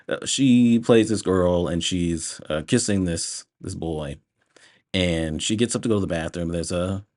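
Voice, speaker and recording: A young man with a notably deep, low voice talks through a movie review in a loose, rambling way. He keeps breaking into laughs and sounds exasperated at what he describes. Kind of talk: casual spoken movie review.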